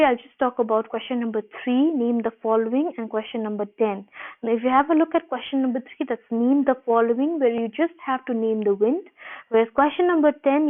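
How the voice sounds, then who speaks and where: A woman teaches a geography lesson in a slightly high voice, walking students through each step and restating her points. Her lecture comes through thin, tinny audio that sounds like a phone line. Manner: explanatory, repeats points, frequent "uh" and "um". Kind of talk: recorded online class lecture.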